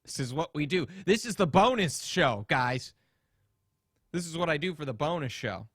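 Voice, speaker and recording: A man hosting a comedy podcast, talking crudely and profanely in a rapid, ranting way. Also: a little high, animated, dry recording, studio quality. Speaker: podcast host. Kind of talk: casual comedic podcast rant.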